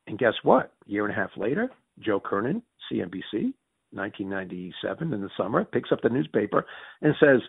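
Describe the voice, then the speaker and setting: A man with a Northern US accent, telling business stories as an interview guest, acting out the dialogue he recalls with quick restarts. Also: fairly low pitch, creaky, slightly rough, no echo, narrow, tinny audio. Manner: lively storyteller who acts out quoted dialogue with restarts. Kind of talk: animated business storytelling.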